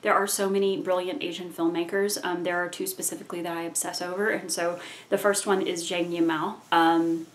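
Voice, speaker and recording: Woman film vlogger, slightly low voice, earnest and enthusiastic, casual delivery with ums and restarts. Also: little pitch movement, brisk, slight background noise. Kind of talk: casual film recommendations to camera.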